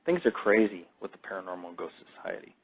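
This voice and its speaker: A man's voice: sits low, sing-song, fast talker, slightly rough, narrow, tinny audio. A man hosting his own podcast, delivering a rambling, profane casual monologue that jumps between topics. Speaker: podcast host.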